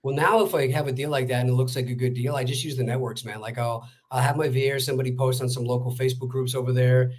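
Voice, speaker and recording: A man swaps stories as a podcast guest in a relaxed, easy way. He talks fast and runs his thoughts together, stopping for little fillers along the way. His pitch sits in the middle. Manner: rapid, chatty, with many fillers. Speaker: real estate wholesaler, guest. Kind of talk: casual storytelling interview.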